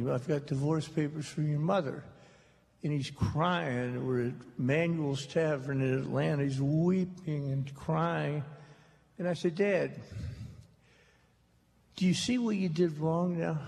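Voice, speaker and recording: A man's voice: fairly high pitch, a little slow, gravelly, dark tone. A man from the United States telling wry, humorous stories about his family to a live audience and acting out the quotes, in an archival recording from a large hall. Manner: wry, dry storyteller, acts out quotes. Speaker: author telling stories on stage.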